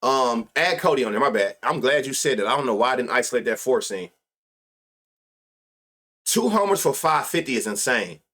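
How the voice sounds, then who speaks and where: A man's voice: mid-range voice, fairly bright tone. A man hosting a live sports betting stream, reading stats and riffing loosely with plenty of profanity. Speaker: sports betting show host.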